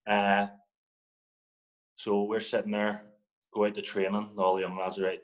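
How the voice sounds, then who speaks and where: A young man from Northern Ireland, a football guest, tells a story in casual chat with a fairly low, unhurried voice over poor audio. He's animated, swears, and acts out other people's lines.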